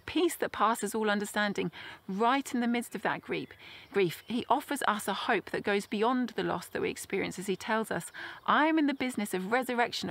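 A woman giving a sermon, earnest and gentle, slowing down to let key phrases land. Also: fairly high pitch. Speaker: preacher.

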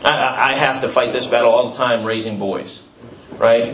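A man's voice: medium pitch, steady tone, moderate pace, fairly bright tone. Middle-aged male pastor, chatty sermon storyteller, echoey hall, mic at a distance. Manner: conversational, storytelling with asides and fillers. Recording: roomy, distant mic with faint ambience.

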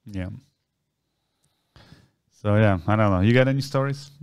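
A man's voice: on the low side, unhurried, clean tone, no room sound. A man co-hosting a podcast, telling a story in a casual chat and acting out the people in it. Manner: animated storyteller acting out quoted voices. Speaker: podcast co-host.

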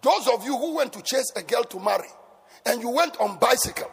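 A man preaching an impassioned sermon, shouting and chanting his points in a large church hall. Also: extremely high pitch, animated, a little fast, gravelly, breathy edge. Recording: echoey hall with faint music.

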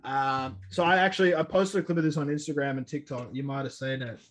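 A man's voice: a little high, steady tone, quick pace, fairly bright tone. A young adult man hosting a casual podcast, swearing freely and joking at his own expense. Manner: profane, self-mocking, laid-back. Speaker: podcast host.

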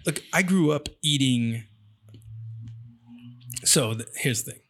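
A man from San Jose telling a story in a casual chat, profane and animated, acting out the quotes. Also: medium pitch, slow pace, breathy edge. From San Jose, California.

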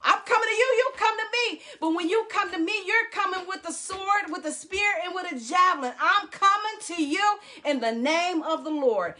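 A woman's voice: very high-pitched, animated, moderate pace, hardly any pauses, sharp tone, pitched above the performer's own voice, exaggerated voice. A woman preacher voicing a bold young male shepherd hero, declaiming fiercely. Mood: defiant.

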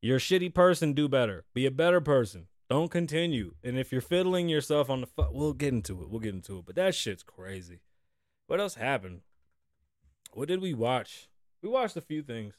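A man's voice: medium pitch, sing-song, normal speed, no room sound, clean studio sound. A man hosting a podcast, chatting loosely with lots of swearing and jokes, and reading news stories aloud. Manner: profane, joking, loose and rambling. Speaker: podcast host.

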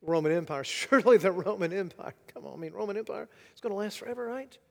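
A man preaching a sermon, dramatic and rhetorical, swinging between loud declarations and hushed asides. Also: high-pitched, fast, gravelly, in a large hall. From United States. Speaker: pastor.

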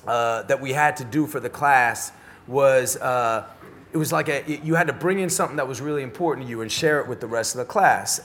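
Forceful, animated middle-aged man telling stories. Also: medium pitch. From United States. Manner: animated, profane, street-style slang. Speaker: podcast guest. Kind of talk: casual storytelling interview.

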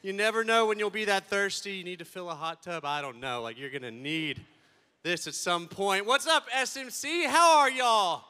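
A playful, animated man gives a comedic talk to a student audience and swings between loud and soft. His voice sits high and sounds bright and forceful. A long reverb from a large hall trails every line. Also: normal speed, clean tone. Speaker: speaker addressing students.

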